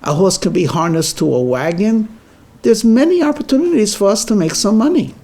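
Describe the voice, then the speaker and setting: A man's voice: high-pitched, big pitch swings, fairly quick, vocal fry, warm tone, pitched above the performer's own voice, heavily acted. A man voicing an ambitious, scheming village husband who talks insistently about grand plans. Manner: insistent, grandly planning, bursts into anger.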